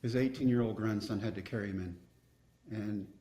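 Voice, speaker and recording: A man from Texas, appearing as a podcast guest, earnestly and reflectively tells personal stories in a storytelling interview. His voice is on the low side and dark in tone, at a moderate pace, and the recording is reverberant.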